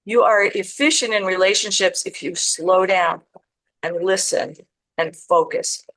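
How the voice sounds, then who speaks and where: A woman's voice: mid-range voice, measured pace, fairly bright tone, dry recording, poor audio. A woman in her fifties, a guest in an interview, earnest and reflective, passionate about her point. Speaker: guest author. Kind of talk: casual interview chat.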